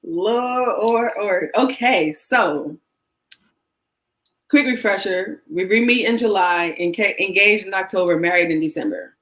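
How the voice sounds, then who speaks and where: A woman telling a personal story in an interview, frank and chatty. She slips into the voices of the people she quotes. Her pitch sits mid-range for a woman. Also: unhurried, poor audio. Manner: animated, acts out quoted voices; frank, chatty, self-deprecating. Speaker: interview guest. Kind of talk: casual storytelling.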